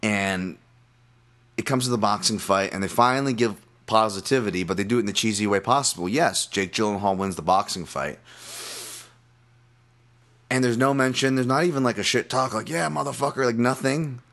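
Man, lowish voice, podcast host, casual profane ranting, lots of restarts, fight-pick analysis. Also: normal speed. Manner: calmer analytical betting breakdown.

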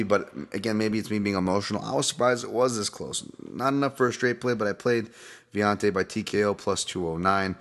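Brief: low-voiced male host picking fights for bettors, profane and rambling, fired up. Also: a bit bright. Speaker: podcast host, fight betting analyst. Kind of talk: casual fight-betting commentary.

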